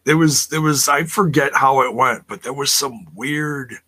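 Reading chat aloud and sounding exasperated, a man casually recaps a wrestling show for viewers on a live stream. He talks a little slowly at medium pitch, with a bright, forceful, husky voice.

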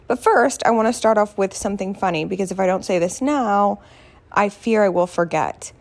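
A woman's voice: medium pitch, moderate pace, a little mellow. A woman, hosting her podcast from home, chatty and self-mocking as she tells stories. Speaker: podcast host. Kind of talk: casual chat. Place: at home, not her usual podcasting room.

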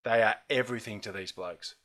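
A man's voice: on the low side, fairly quick. Australian man telling a yarn. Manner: animated storyteller, laughs through his anecdotes. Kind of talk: casual storytelling chat.

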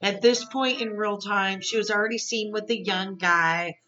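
A woman's voice: mid-range voice, fairly even intonation, moderate pace, pushed and bright, highs cut off. A woman hosting a podcast, chatting casually and rambling through a reality TV recap with lots of asides. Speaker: podcast host.

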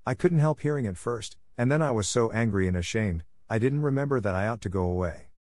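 A man's voice: lowish voice, lively intonation, brisk, a little mellow, dry recording, close to an everyday voice. A bashful, self-reproachful young woman from a classic storybook , voiced by a man reading aloud. She speaks in a lifted, earnest tone, recorded close and dry. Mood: confiding. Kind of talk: audiobook character reading.

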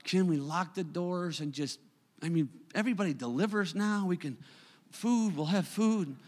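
A middle-aged male pastor preaching a sermon in a church, swinging from loud declarations to hushed asides. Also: sits high, moderate pace. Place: church sanctuary. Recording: live church recording with long hall reverb.

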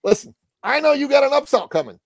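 A man's voice: very high-pitched, sing-song, quick pace, gravelly, no room sound, voice pushed up, exaggerated voice. A man voicing a pushy, blunt skeptic who confronts the speaker. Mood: brash. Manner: brash, confrontational.

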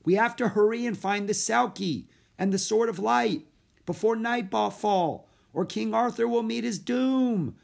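A man's voice: sits high, big pitch swings, creaky, a little mellow, slightly rough, pitched above the performer's own voice, heavily acted. A man doing Jack, a cautious young boy. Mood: urgent. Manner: anxious, hurried, sensible.

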